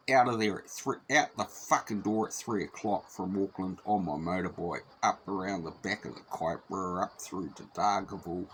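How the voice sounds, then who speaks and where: Kiwi bloke spinning a yarn, lowish voice, lots of swearing, noisy background. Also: male voice. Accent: New Zealand. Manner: swears freely, repeats himself, acts out voices of others. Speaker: storyteller. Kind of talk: casual spoken storytelling.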